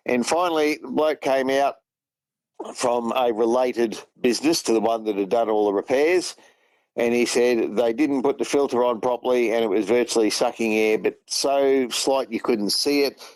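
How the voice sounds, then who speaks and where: A man's voice: mid-range voice, dry recording, poor audio. A man with an Australian accent, a truck driver and regular guest, telling long rambling anecdotes in casual chat and retelling what others said. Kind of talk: casual phone-in storytelling.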